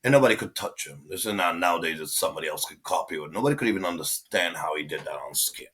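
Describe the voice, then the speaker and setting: A man, a guest telling stories casually, animated and swearing as he acts out what people said. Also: low-pitched, quick pace, slightly rough. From Israel. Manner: animated, swearing, acting out quotes. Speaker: guest, tattoo artist. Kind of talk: casual storytelling.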